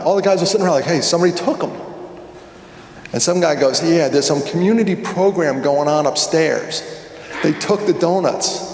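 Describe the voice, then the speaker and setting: Male conference speaker, chatty storyteller who works the crowd, voice a bit high, in a reverberant hall. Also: darkish tone. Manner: conversational, jokey, asks the audience questions. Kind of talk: storytelling keynote talk. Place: large hall with an audience. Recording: echoey hall, long reverb.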